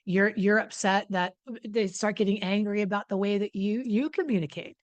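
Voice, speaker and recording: A woman's voice: mid-range voice, moderate pace, no room sound, highs cut off. A woman hosting an advice talk on addiction recovery, speaking bluntly and emphatically with frequent swearing. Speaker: host, addiction recovery coach. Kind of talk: direct-to-camera advice talk.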